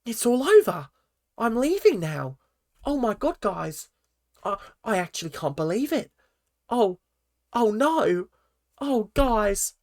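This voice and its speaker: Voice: medium pitch, big pitch swings, takes it slowly, long pauses, a little mellow, pitched above the performer's own voice. A vlogger mimicking a man who overacts fake shock, gasping in exaggerated exclamations. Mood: mock distress. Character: dramatic man putting on fake tearful shock.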